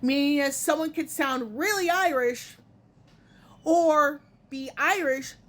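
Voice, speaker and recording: A woman hosting a casual gaming opinion vlog, talking in a rambling way and often stopping to correct herself. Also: sits high. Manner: rambling, self-correcting, many fillers. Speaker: gaming video host.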